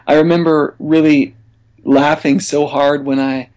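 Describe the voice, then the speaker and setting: A man being interviewed as a songwriter guest, talking in a relaxed, chatty way and laughing easily. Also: on the high side, measured pace, dull audio. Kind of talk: casual interview chat.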